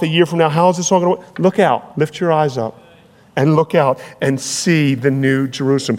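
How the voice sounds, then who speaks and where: Pastor guy preaching, kinda high voice, earnest, long echo from a big hall. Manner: earnest, building to emphatic peaks, slowing for weight. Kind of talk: sermon.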